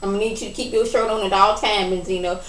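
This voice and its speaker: Woman vlogger, mid-pitch, animated reality-show recap, roomy echo, mic a bit distant. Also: quick pace. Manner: animated, chatty, acts out quotes.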